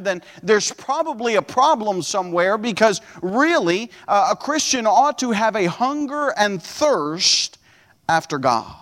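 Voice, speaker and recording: A man's voice: sits high, a bit bright, big-room sound. A man preaching a sermon as pastor, earnest and fervent, often repeating and restarting his words.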